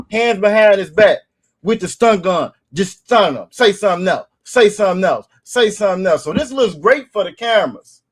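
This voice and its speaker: Male podcast host, high voice, forceful and repetitive delivery. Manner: emphatic, repeats phrases, asks "you feel me?". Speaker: show host. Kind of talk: casual podcast commentary.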